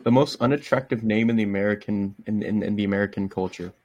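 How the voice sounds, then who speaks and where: A man's voice: on the low side, fairly even intonation, fast, a little mellow, no room sound, muffled recording. A young man hosting a casual podcast, reading text messages aloud, swearing often and restarting his sentences. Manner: swearing, stops and restarts himself. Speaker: podcast host.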